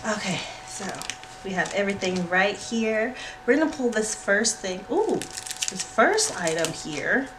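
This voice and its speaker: A woman hosting a planner unboxing vlog, gushing and squealing with excitement. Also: medium pitch, unhurried. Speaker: planner channel host. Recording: noisy home recording with clicks.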